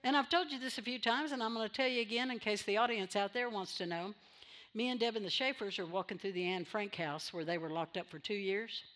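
A woman's voice: medium pitch, fairly quick, fairly bright tone. A woman pastor preaching a sermon in church, repeating phrases for emphasis and drawing amens from the congregation.

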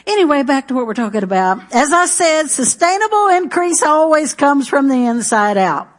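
A middle-aged woman, preaching a sermon in a conversational way, with asides and restarts aimed at the congregation. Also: sits high. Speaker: pastor.

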